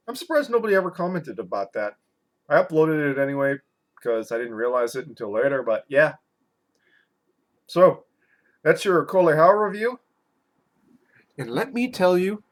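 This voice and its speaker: A drunk man rambling loosely through a casual liquor review vlog, swinging between loud and soft. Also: fairly high pitch, animated, unhurried, long pauses.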